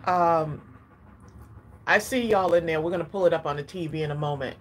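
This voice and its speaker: Woman, husky low voice, chatty craft stream host, slightly out of breath. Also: a little fast. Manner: chatty, addresses viewers as y'all. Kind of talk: casual live-stream chat. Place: home craft room.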